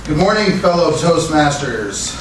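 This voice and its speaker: A man's voice: fairly high pitch, big pitch swings, a little slow. A man giving a prepared Toastmasters speech, earnest, asking rhetorical questions. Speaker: Toastmasters speaker. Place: meeting room. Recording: echoey room, distant mic, faint noise.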